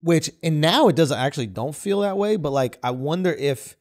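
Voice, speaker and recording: A man in his thirties from New York co-hosting a podcast, riffing and joking in an animated way. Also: fairly high pitch, normal speed. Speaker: podcast co-host. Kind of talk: casual chat.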